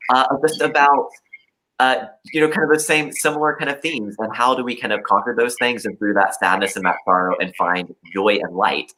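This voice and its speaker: A man's voice: on the low side, bright, forceful tone, rough recording. A man hosting an interview, chatting in an enthusiastic, friendly way. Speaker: host. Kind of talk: casual interview chat.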